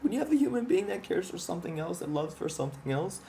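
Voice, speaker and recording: Quick and sing-song, this man's high-pitched voice is mellow with vocal fry, and there's slight background noise. As a vlogger, he explains his ideas in a profane, impassioned ramble, pointing at a drawing and starting sentences over.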